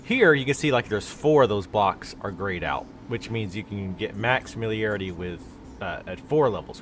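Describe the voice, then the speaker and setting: A man's voice: on the low side, fairly bright tone, slight background noise. A man with a stuffy nose giving casual, rambling commentary while he plays a game on a live stream. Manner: rambling, explanatory, with many fillers. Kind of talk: casual let's-play commentary.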